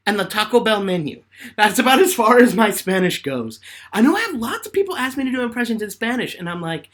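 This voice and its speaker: A man in his twenties hosting a live fan question-and-answer chat, telling stories in an animated way and laughing often. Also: high voice, a little slow, long pauses. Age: 20s.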